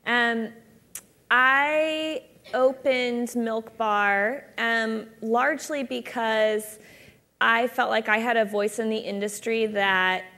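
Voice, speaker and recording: A company founder on a conference panel, answering reflectively with frequent pauses and filler ums. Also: female voice, fairly high pitch, fairly even intonation, bright, forceful tone. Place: conference stage.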